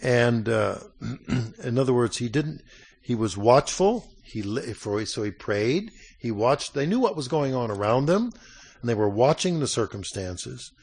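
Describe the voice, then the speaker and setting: Man preaching, conversational, clears throat. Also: medium pitch, animated, a little mellow. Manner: reads scripture aloud slowly. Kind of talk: sermon.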